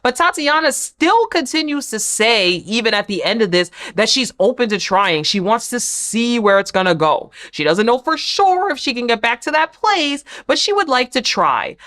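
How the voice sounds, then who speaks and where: A woman talks through a reality show episode in a casual, opinionated recap. Her pitch swings widely as she plays out what each person said. Her tone is sassy and blunt. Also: moderate pace, hardly any pauses. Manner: sassy, animated, acts out quotes.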